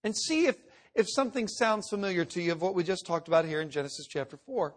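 A middle-aged man preaching a sermon, swinging from loud emphatic reading to hushed, intense asides. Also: high-pitched, lively intonation, quick pace. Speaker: pastor.

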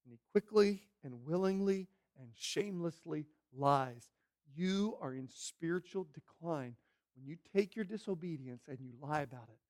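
A man preaching a sermon as pastor, animated and acting out characters' voices as he teaches. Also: fairly high pitch, moderate pace.

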